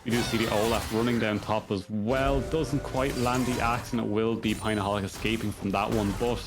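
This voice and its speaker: A man's voice: lowish voice, fairly even intonation, a little fast. A man casting a live esports match, rattling off play-by-play with rambling asides. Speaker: esports caster. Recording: music playing underneath.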